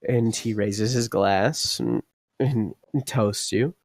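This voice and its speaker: A man narrating as dungeon master, speaking in halting bursts with many restarts. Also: medium pitch, no room sound, clean studio sound. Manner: halting, full of restarts and fillers. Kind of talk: narrating and voicing a tabletop game.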